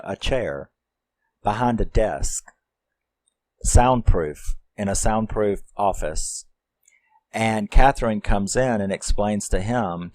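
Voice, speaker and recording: A man's voice: fairly low pitch, darkish tone, rough recording. A man reviewing a film, recapping the plot in a rambling, casual way with lots of fillers and some swearing.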